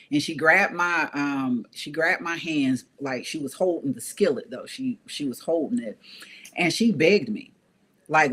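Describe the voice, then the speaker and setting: A woman with a low, slightly bright voice tells a personal story as a guest, casual and earnest. She talks conversationally with frequent fillers and often repeats phrases for emphasis.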